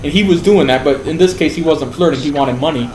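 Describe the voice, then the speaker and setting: A man's voice: a little high, fast, crowd noise. Blunt, foul-mouthed streamer man, roomy sound. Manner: profane, blunt, heavy swearing. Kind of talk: casual storytelling on a game stream. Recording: roomy with faint background noise.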